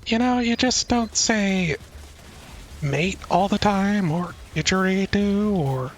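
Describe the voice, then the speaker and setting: Slow-talking man on game chat. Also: high-pitched, rough recording. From northwest United States. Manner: unhurried, thoughtful, trails off with fillers. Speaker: gamer on voice chat. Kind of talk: casual chat while gaming.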